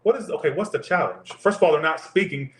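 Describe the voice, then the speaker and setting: A man's voice: fairly high pitch, fast. A man doing a live tarot reading, talking in crude, profane, joking banter. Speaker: tarot reader. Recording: roomy echo.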